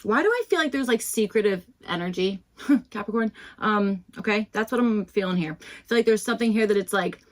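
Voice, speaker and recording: A woman's voice: mid-range voice, expressive, a little fast. Chatty rambling woman reading tarot. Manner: rambling, many fillers and restarts; chatty and self-deprecating. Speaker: tarot reader. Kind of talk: casual tarot reading to camera.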